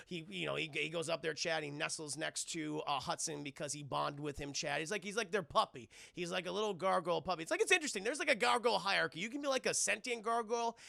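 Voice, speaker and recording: A man streaming a casual, profane, animated recap of a cartoon episode to his live chat. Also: a little high, fast, vocal fry, no room sound. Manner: animated, profane, lots of fillers.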